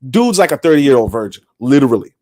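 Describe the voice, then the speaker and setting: A man co-hosting a livestreamed podcast, talking in a loose, profane, animated way and laughing often. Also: mid-range voice, fast talker. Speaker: podcast co-host. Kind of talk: casual livestream chat.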